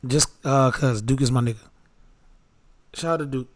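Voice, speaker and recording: A man's voice: medium pitch, steady tone, moderate pace. A man co-hosting a podcast, telling stories in a loose, slangy way with laughs in between. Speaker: podcast co-host. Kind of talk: casual chat, storytelling.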